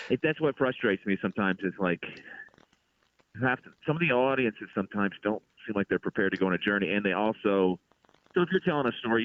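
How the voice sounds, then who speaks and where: A man, a comedian being interviewed, telling stories in an exasperated, animated way. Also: on the low side. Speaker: comedian guest. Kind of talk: casual interview chat. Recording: tinny phone-like line.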